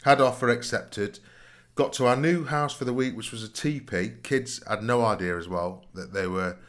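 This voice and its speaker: A man's voice: mid-range voice, moderate pace, a bit bright. A man chats on his podcast in a mid-range voice, teasing his partner and cracking jokes. He breaks into laughter as he tells stories. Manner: joking, teasing, bursts into laughter. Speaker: podcast co-host. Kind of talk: casual chat.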